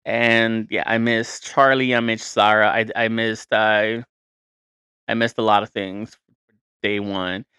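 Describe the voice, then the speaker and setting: A man's voice: lowish voice, flat delivery, slow pace, bright, forceful tone, clean tone, no echo, clean studio sound. A man in his thirties hosting a podcast, telling a story in a casual, profane, rambling and exasperated way. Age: 30s. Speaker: podcast host.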